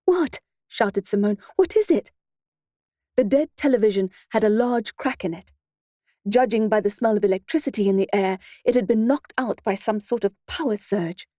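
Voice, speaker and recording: A woman's voice: mid-range voice, normal speed, mellow, dry recording. A woman narrating an urban fantasy audiobook in the first person, in a wry, dry storytelling manner.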